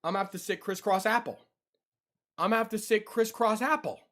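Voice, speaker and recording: This is a young man streaming, chatting casually with his viewers in a high, slightly bright voice at a slightly fast clip. He talks right to chat, repeats himself, and spooks easily.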